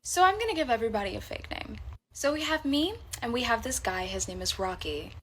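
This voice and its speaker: A woman with a voice on the high side tells a personal work story to camera in a clip others react to. She's expressive and brisk, candid, blunt and profane, with slight background noise.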